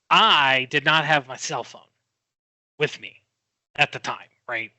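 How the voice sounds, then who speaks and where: A middle-aged man telling a story in a podcast chat, animated and quick to act out what people said. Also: mid-range voice, no room sound. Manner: animated storyteller, acts out quoted voices. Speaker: guest.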